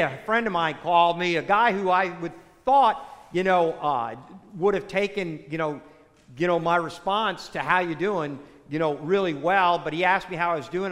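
A man's voice: on the high side, a bit bright. A man preaching a sermon in a conversational way, sprinkling his talk with "you know" asides. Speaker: pastor. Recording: echoey hall.

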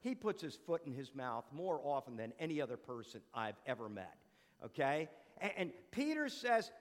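A man preaching a conversational sermon, animated, asking rhetorical questions and repeating phrases for emphasis. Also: medium pitch, moderate pace, big-room sound.

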